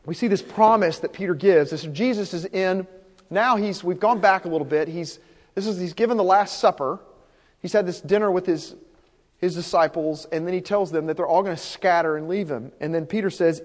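A man's voice: high voice, fairly quick. Guy preaching a sermon, earnest, hammers points home by repeating them, long church reverb. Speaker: pastor.

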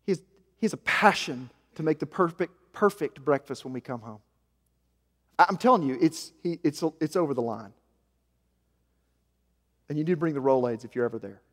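Emphatic male pastor with a high voice, from Arkansas, sermon in a big echoing sanctuary. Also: expressive, normal speed, pauses often. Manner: emphatic, swings from hushed to loud, repeats key lines. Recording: long reverb of a large hall.

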